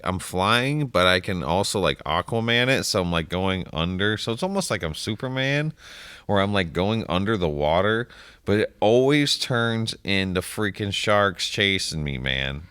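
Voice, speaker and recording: A man in his thirties with a low voice that swings widely in pitch as he tells stories. He laughs often and talks casually. The sound is dry and close. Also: a little slow, clear, resonant tone, no echo. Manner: animated storyteller, laughs often, slips into impressions. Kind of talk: casual chat.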